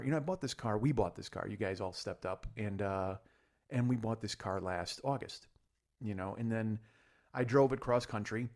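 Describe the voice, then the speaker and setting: A man's voice: lowish voice, darkish tone. A man in his forties hosting a comedy podcast, talking in a rambling, profane, self-deprecating monologue full of restarts. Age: 40s. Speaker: podcast host.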